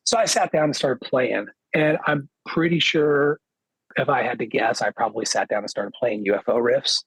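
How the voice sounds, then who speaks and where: Guy on a podcast telling a story, kinda husky voice, dry close sound, keeps going "he goes" and doing the other guy's lines. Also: medium pitch, moderate pace, dry recording, poor audio. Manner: animated, quotes others with "he goes" and acts their lines; loose filler-heavy phrasing. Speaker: podcast guest, guitarist. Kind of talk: casual anecdotal storytelling.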